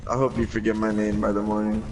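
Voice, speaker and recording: A man from the United States trading dry, deadpan comebacks with friends over gaming chat. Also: on the low side, fast talker. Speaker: gamer friend. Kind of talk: casual gaming banter. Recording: distant, noisy line.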